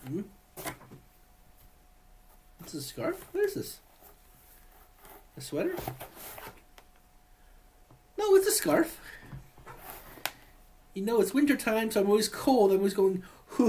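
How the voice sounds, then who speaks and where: Rambling man with a lively voice. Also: high voice, slight background noise. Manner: rambling, halting, many restarts; affectionate, addresses partner as honey. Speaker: vlogger. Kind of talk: personal video message.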